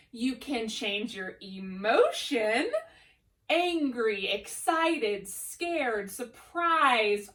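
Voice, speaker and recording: Upbeat drama teacher, unhurried woman. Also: fairly high pitch, fairly bright tone. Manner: enthusiastic, encouraging. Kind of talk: upbeat classroom lesson.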